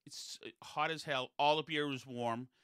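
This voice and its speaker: A man's voice: a little high, steady tone, moderate pace, fairly bright tone, clear, resonant tone, no room sound, clean studio sound. A man in casual podcast chat, telling digressive, chatty anecdotes.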